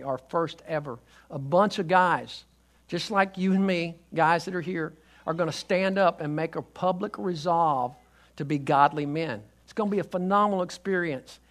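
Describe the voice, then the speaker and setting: Earnest man preaching a sermon. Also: a little high. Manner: earnest, emphatic preaching with many restarts and dropping to a hush on key points. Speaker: pastor.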